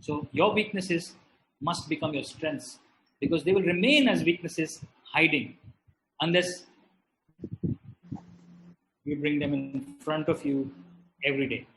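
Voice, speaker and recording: A middle-aged man, giving an animated motivational talk and asking the audience questions. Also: on the high side, measured pace, long pauses, echoey room, a little hiss or hum, rough recording. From India. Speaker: motivational speaker.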